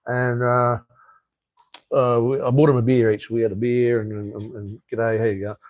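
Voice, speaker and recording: A middle-aged Australian man talks in a loose, rambling way and swears without a second thought. His pitch sits in an ordinary middle range. The sound is dry and close, with almost no room around him. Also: level tone, unhurried, darkish tone, dry recording. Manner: rambling, blunt, swears freely, many restarts. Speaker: live stream host. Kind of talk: casual live-stream chat.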